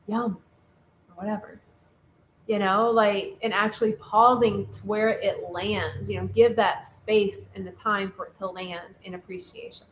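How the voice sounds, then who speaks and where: A woman co-hosting a casual relationship talk show, chatty and animated, reading out listener comments. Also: mid-range voice, unhurried, slight background noise, rough recording. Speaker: podcast co-host.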